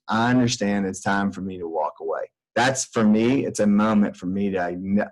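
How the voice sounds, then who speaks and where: Heard through poor audio, a middle-aged extension educator delivers a parenting lesson from inside his house. His voice is on the low side, and he talks in an earnest, conversational way, frequently starting sentences over.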